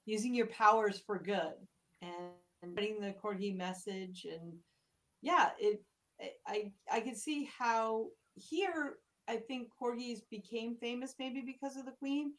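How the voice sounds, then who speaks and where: A woman's voice: a little high, measured pace, fairly bright tone. A woman co-hosting a podcast, speaking in an upbeat way and thinking aloud as she talks. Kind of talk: casual interview chat.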